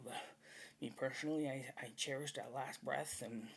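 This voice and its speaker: A man's voice: medium pitch, steady tone, moderate pace, vocal fry, breathy edge. A man talking in a rambling, casual monologue, blunt and profane with a swaggering edge.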